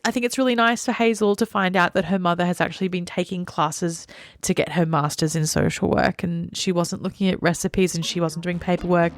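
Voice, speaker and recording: A woman's voice: fairly low pitch, steady tone, a little fast, dry recording. A woman co-hosting a book podcast, chatting loosely and reading passages with feeling. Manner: chatty, many "like" fillers, emotional when reading. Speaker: podcast co-host. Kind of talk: casual book discussion with read-aloud passages.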